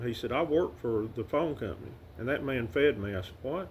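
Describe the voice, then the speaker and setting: Halting middle-aged Arkansas man. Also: medium pitch, slight background noise. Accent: Arkansas Southern. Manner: halting, with many fillers and restarts. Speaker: son paying tribute to his late father. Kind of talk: casual heartfelt storytelling to camera.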